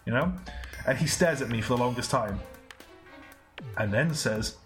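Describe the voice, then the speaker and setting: A man from England with a British accent tells a long, rambling story, tripping over his words and laughing as he goes. The recording sounds roomy, and music plays clearly in the background. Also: mid-range voice, fairly quick, a bit bright. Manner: rambling storyteller, laughs often, many restarts. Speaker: podcast co-host. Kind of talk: casual podcast chat.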